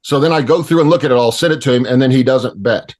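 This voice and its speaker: Relaxed man talking fight picks. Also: mid-range voice, fast. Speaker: podcast co-host. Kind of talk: casual chat.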